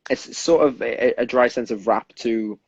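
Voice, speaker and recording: A young British singer, appearing as an interview guest, chats earnestly and rambles, often restarting his sentences. His voice is medium in pitch with a breathy edge, and he speaks at a measured pace. The recording is dry, with the high frequencies cut off.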